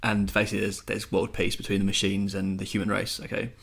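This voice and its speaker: A man's voice: on the low side, monotone, quick pace, vocal fry, a bit bright, slightly rough. A young man co-hosting a podcast, rambling and swearing in casual chat. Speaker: podcast co-host.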